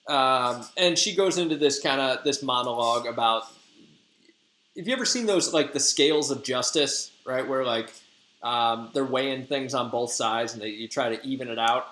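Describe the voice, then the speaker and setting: A man's voice: mid-range voice, moderate pace, fairly bright tone. A man in his thirties, a teacher retelling a play in chatty, jokey, slangy talk. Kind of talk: casual lesson retelling a play. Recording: echoey room.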